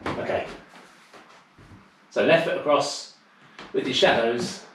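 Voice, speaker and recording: Echoey dance teacher counting steps. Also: male voice, medium pitch, slow, fairly bright tone, distant mic, a little hiss or hum. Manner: chatty, teasing, counts steps aloud. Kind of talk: calling steps in an online dance class. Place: home room on a video call. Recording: very echoey room.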